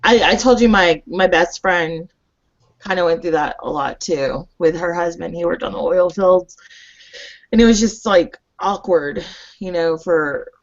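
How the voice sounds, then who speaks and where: A woman's voice: on the low side, a little slow. A woman chatting casually and sympathetically with a friend who is venting. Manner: sympathetic, laughs along. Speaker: podcast co-host. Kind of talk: casual supportive chat. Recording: dull lo-fi recording.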